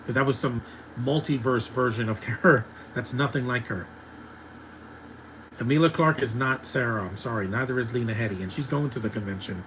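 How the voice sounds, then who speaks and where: Male, 30s, mid-range voice, opinionated movie commentary host, loose and ranty, quiet hum in the background. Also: mid-range voice, moderate pace, rough recording. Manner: ranting, opinionated, laughs often. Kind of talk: live movie watch-along commentary.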